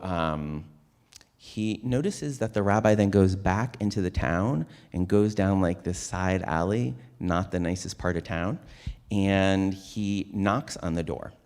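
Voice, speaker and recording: A man retelling a story at a Shabbat service, in a casual conversational way. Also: low voice. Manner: casual, with frequent "like" and restarts. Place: synagogue sanctuary.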